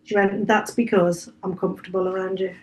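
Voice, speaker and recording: A woman's voice: medium pitch, little pitch movement, fairly quick, a little hiss or hum, rough recording. Woman, English Midlands accent, bookshop cafe owner, casual interview chat, acts out quoted dialogue.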